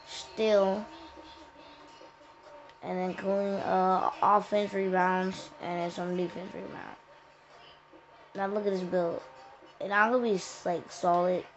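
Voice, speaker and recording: A woman talking through a video game walkthrough in a casual, rambling way, full of slang and restarts. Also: mid-range voice. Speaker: gaming tutorial host. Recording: dull lo-fi sound with faint noise.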